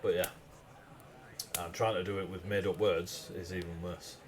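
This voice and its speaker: Northern English man, lowish voice, rambling livestream chat, loses his thread. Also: little pitch movement, normal speed. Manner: rambling, loses his train of thought, self-mocking. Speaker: stream host writing game lore.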